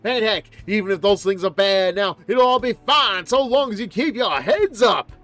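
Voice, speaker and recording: A man reads out an earnest young woman fortune teller from a game, a former cult maiden. She speaks solemnly and from the heart in a fairly high, lively voice, with a blunt country drawl breaking through when she scolds. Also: moderate pace, faint music behind. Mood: scolding. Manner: solemn and heartfelt, lapsing now and then into a blunt country dialect. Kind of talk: reading game dialogue aloud on stream.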